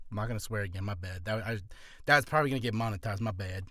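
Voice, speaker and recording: A man's voice: on the low side, fast, bright, forceful tone, no room sound, studio quality. A man who is a voice actor, giving casual advice in a rambling, self-deprecating, jokey vlog.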